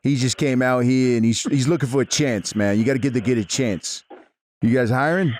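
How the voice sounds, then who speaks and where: A man's voice: medium pitch, sing-song, gravelly, a bit bright, slight background noise. A man putting on a pushy, boastful New York Italian guy for a prank phone call. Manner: pushy, swaggering, fast-talking. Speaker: prank caller.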